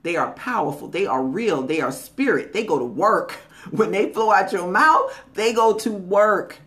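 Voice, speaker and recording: A woman's voice: mid-range voice, animated, measured pace, fairly bright tone. Emphatic woman giving a motivational talk. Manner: emphatic and repetitive, drawing out key phrases; conversational, folksy phrasing. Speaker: motivational speaker.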